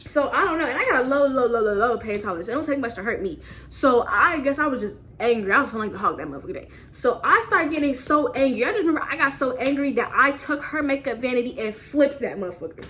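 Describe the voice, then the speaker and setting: Young woman vlogger, casual story time at home, animated and profane, slightly high voice, faint room hum. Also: fast talker, hardly any pauses. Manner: animated, profane, repeats phrases for emphasis. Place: home, indoors.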